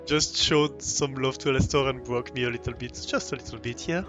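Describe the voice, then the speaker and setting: A man's voice: medium pitch, brisk, over music. A man with a French accent chatting casually while livestreaming a game, rambling with frequent restarts and easy laughs. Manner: rambling, many restarts and ums, laughs easily.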